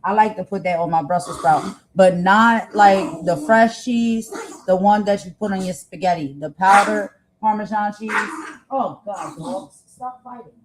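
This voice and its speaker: Woman, live-stream cooking host, informal, rambling, mid-pitched voice. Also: normal speed, crowd noise. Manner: chatty and informal, reads viewer comments aloud; rambling with frequent filler phrases. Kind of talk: casual live-stream chat.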